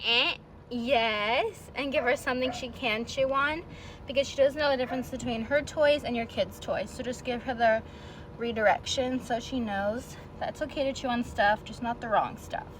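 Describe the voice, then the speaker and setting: Woman dog trainer, fairly high-pitched, explains puppy care in a friendly, chatty way, with a faint hum of ambience behind her. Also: steady tone, fairly quick. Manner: switches to a high, sing-song praise voice with the puppy. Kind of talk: instructional video for a puppy's owners.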